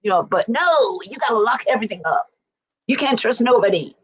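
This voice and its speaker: A woman's voice: a little high, animated, brisk, husky, low-quality recording. A middle-aged woman from England with a Berkshire accent, chatting casually on a stream and often asking "do you know what I mean". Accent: English, Berkshire. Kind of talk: casual chat. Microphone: desk mic.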